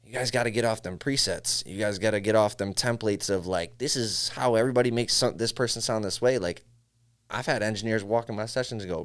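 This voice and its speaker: A man's voice: on the low side, brisk. A music engineer from upstate New York, a man, chatting casually as a podcast guest and acting out studio conversations as he tells them. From Syracuse, New York. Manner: animated storyteller, acts out studio dialogue, says bro a lot. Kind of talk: casual interview chat.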